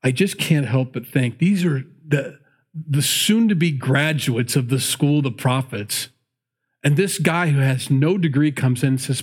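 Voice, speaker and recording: A man's voice: medium pitch, measured pace, husky. A man teaching through a Bible passage in a conversational sermon, laughing often and acting out the people in the story. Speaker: pastor.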